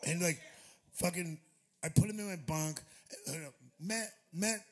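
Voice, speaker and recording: A man's voice: high-pitched, unhurried. Profane rambling man on stage. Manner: profane, rambling, laughs often. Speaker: touring musician. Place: music club stage.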